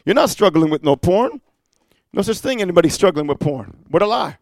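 A man preaching a sermon, moving from quiet storytelling to loud rebuke, filling it with amen and rhetorical questions. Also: sits high, lively intonation, fairly quick, no echo. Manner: frequent amen and rhetorical huh.

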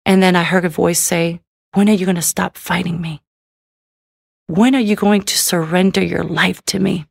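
Tearful woman with a gravelly voice. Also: lowish voice, fairly even intonation, moderate pace, no room sound, clean studio sound. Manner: emotional, tearful; repetitive, many "you know"s. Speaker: testimony speaker. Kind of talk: personal testimony.

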